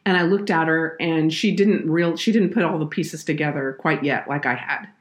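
A low-pitched woman talks on a faith podcast. She tells a personal story in an earnest, heartfelt way. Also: moderate pace. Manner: earnest, heartfelt, tearful at moments. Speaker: podcast guest, children's minister.

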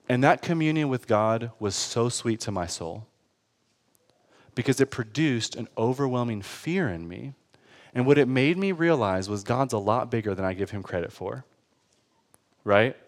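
A young man preaching a sermon in a conversational, animated way, often checking in with his listeners. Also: medium pitch. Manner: conversational, animated, with laughs and frequent "right?". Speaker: pastor.

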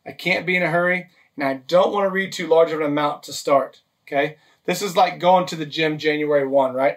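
A man delivers a sermon as a pastor, walking his listeners through numbered steps and checking in often with "okay?" and "right?". His voice sits a bit high for a man, and he sounds set back from the microphone. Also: a little fast, a bit bright, distant mic. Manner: practical, list-driven teaching with frequent "okay?" and "right?" check-ins.

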